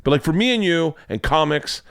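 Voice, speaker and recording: A man's voice: fairly high pitch, fairly quick, gravelly, clean tone, dry recording, clean studio sound. A middle-aged man, a comedian hosting a podcast, chatting casually and acting out the people in his stories. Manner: animated storyteller, acts out quotes in a raised voice. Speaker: podcast host. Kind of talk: casual chat.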